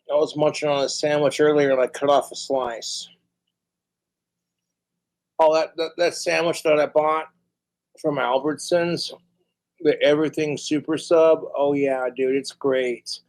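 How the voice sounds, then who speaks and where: A man's voice: fairly high pitch, steady tone, unhurried, long pauses. A man streaming a vulgar, boastful rant, sometimes talking with his mouth full. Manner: vulgar, boastful, mock-tough; talks while chewing. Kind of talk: crude ranting livestream monologue.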